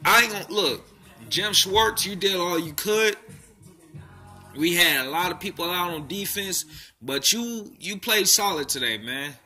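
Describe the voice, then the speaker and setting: Pissed off philly guy cussing nonstop about his team, bright sharp voice kinda high. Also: animated, measured pace, faint music behind. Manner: profane and heated, repeats himself. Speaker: sports fan vlogger. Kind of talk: angry fan rant.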